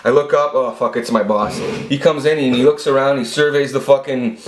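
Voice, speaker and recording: A man in his forties recorded in an echoey room, talking at a middling pitch. He rambles through crude, swear-laden anecdotes about his past. He films it himself on his own camera. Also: fairly even intonation, fairly quick, noisy background. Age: 40s. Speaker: vlogger. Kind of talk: casual storytelling monologue. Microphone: self-filmed camera.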